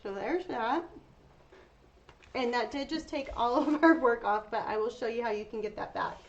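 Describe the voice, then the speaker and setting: A woman's voice: on the high side, normal speed. A woman hosting a casual painting tutorial, chatting to her viewers while she works. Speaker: craft tutorial host. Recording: dull lo-fi sound with faint noise.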